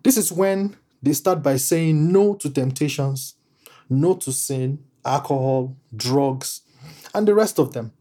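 A man preaching a sermon in a slow, deliberate way, leaning on repeated phrases for emphasis. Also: medium pitch, mellow.

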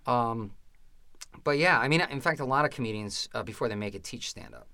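Casting note: middle-aged male stand-up comic, tense bright tone, animated storyteller who keeps checking in with "right?". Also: mid-range voice, brisk, no echo, clean studio sound. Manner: animated, rambling anecdotes with frequent "right?" and "you know". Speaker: stand-up comedian and former comedy booker. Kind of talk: casual storytelling in an interview.

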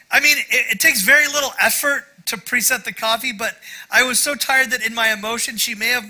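A man's voice: extremely high pitch, fairly quick, sharp tone, rough recording. A middle-aged male pastor giving a sermon in a conversational, self-deprecating way, with frequent asides to the congregation.

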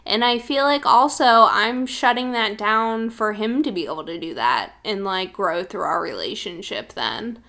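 A woman's voice: mid-range voice, lively intonation, moderate pace, few pauses, sharp tone. A woman co-hosting a casual spiritual chat, reflective and filler-heavy, laughing readily. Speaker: podcast co-host.

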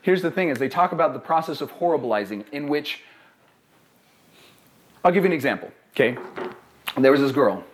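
Animated young man telling stories in a roomy echo. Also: on the high side, brisk, pauses often, slight background noise. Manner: animated storytelling, many "right?" tags. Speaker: therapist and podcast co-host. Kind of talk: casual live podcast talk.

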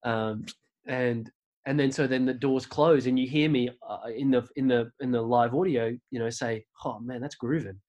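A man's voice: mid-range voice, steady tone, moderate pace, darkish tone, dull audio. An Australian man chatting as a podcast guest, telling a story in a loose, rambling way with many fillers and restarts. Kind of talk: casual conversational storytelling.

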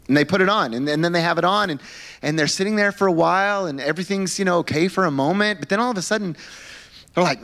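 This high-pitched male pastor preaches quickly in church. His sermon unfolds as lively, chatty storytelling, with frequent filler words and repetitions.

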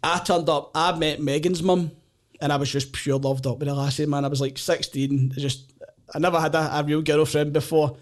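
Lively Glaswegian man telling stories. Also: a little high, moderate pace. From Glasgow, Scotland. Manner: animated, laughs often, acts out voices in anecdotes. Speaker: guest, comedian and former soldier. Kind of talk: casual storytelling chat.

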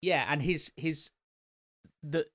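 Stammering, analytical man, slightly high voice. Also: takes it slowly, a bit bright. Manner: hesitant, stammering restarts, analytical. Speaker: podcast co-host. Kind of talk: casual film-review chat.

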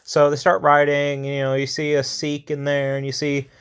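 A man casually recapping a war film in a rambling way, with many fillers and quick acted-out quotes from the characters. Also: on the high side, completely flat delivery, clear, resonant tone. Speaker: film reviewer. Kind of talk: casual spoken movie recap.

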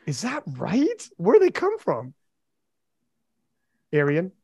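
A man hosting a casual podcast chat, animated and quick with asides. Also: high-pitched, vocal fry, husky, dry recording. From Canada. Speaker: podcast host.

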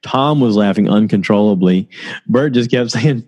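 A man's voice: fairly low pitch, normal speed, a little mellow. Rambling, laughing man podcast host. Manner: rambling storytelling, laughs often. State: tired, low on energy. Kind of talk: casual solo podcast chat.

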